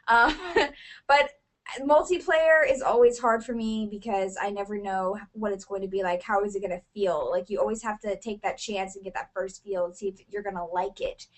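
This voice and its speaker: A woman co-hosting a casual gaming podcast, talking candidly and getting fired up quickly. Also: medium pitch. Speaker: podcast co-host.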